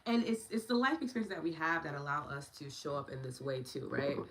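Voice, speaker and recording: On a very noisy recording, a woman in her thirties talks low, animated and fairly quick. She's hosting a meditation and EFT livestream, casually affirming viewers and answering their comments by name.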